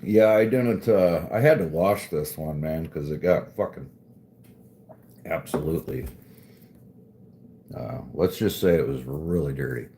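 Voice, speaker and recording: A man's voice: rumbling low, a little slow, long pauses, dark tone. A man hosting a casual live stream, joking, swearing and reading chat aloud. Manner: laid-back, profane, joking, reads chat aloud. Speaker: livestream host chatting with viewers.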